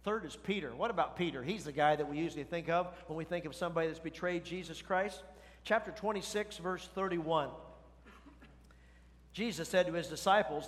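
A man's voice: fairly high pitch, brisk, a bit bright. A middle-aged man preaching a sermon as a pastor, talking conversationally and asking the congregation questions. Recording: long hall reverb.

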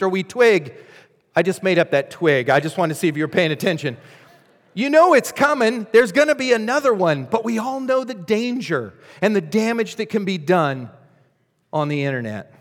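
A man's voice: high-pitched, very animated, normal speed. A man preaching a sermon as pastor, telling a Bible story with dramatic, varied delivery and acted voices. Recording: long hall reverb.

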